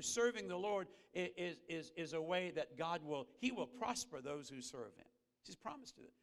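A man preaches with earnest conviction, his gravelly voice climbing to emphatic peaks before sinking low and slow. He sits slightly high for a man. The sanctuary lends a long reverberant tail to every phrase. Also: fairly bright tone. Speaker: guest preacher. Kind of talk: sermon. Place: church sanctuary. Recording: reverberant church hall.

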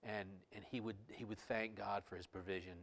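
A male pastor delivering an impassioned sermon in a somewhat low voice. He swings between loud exclamations and hushed, breathy near-whispers. In his stories he repeats words and restarts sentences. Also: fairly even intonation, brisk.

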